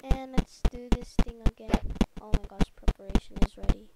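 A woman giving chatty, excitable commentary while playing a computer game at a desk microphone. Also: on the high side, moderate pace, creaky, very noisy. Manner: excitable, chatty, easily startled. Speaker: let's play host. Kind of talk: casual gameplay commentary.

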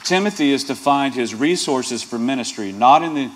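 A man's voice: medium pitch, expressive, moderate pace. A male pastor preaching a sermon, earnest, with playful asides and rhetorical questions to the congregation.

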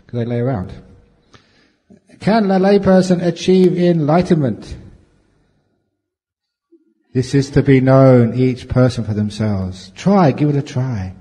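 A man's voice: medium pitch, dark tone. A man giving a humorous dharma talk as a meditation teacher, answering questions with jokes and chuckles. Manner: playful, jokey storytelling with chuckles. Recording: long reverb from a large hall.

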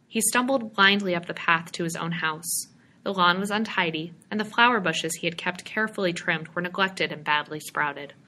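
A woman narrating a story aloud in a steady, expressive audiobook reading. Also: fairly low pitch, normal speed, slight background noise.

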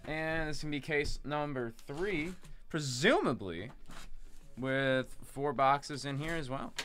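A man's voice: fairly high pitch, slow, a bit bright, soft background music. A young man hosting a live card break, chatty and self-deprecating with jokey asides.

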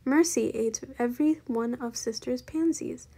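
A meek, worried spinster who softly pleads with her bossy sister, as a woman reads her in a storybook. The voice is husky and a bit gravelly. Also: a little high, unhurried.

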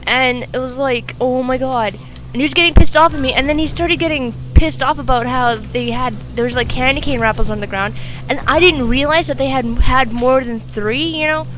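A woman with a fairly high voice chats over a video game she is playing. She rambles through an exasperated story, leaning on lots of fillers. Steady loud noise runs under her voice. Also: normal speed, poor audio. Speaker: let's play gamer. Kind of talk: casual chat over gameplay.

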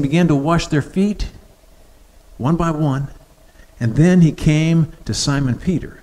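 A man preaches a sermon in a relaxed, conversational way, stopping often to ask his listeners questions. His voice sits a little high for a man, and it carries a long reverb, as if from a large hall. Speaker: pastor.

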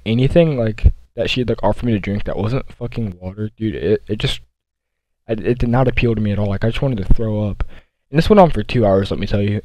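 A man's voice: fairly low pitch, warm tone, no echo, rough recording. A young man casually telling a rambling, profane story full of asides and restarts. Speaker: vlogger. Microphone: console headset mic.

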